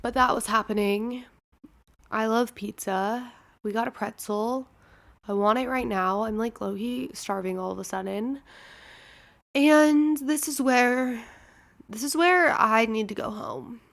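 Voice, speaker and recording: A woman's voice: a little high, measured pace, creaky. A woman in her twenties hosting a podcast, telling a rambling story in a chatty, casual way full of fillers. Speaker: podcast host.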